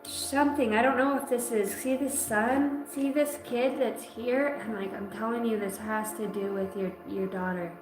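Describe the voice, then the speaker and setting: A woman giving a live psychic reading, talking emotionally in halting phrases that break off mid-sentence. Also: a little high, steady tone. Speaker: psychic reader. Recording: roomy sound with music behind.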